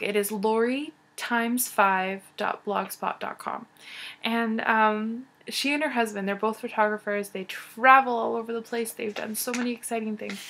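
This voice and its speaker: A young woman vlogging in casual chat, gushing and excited, with many fillers and restarts. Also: on the high side.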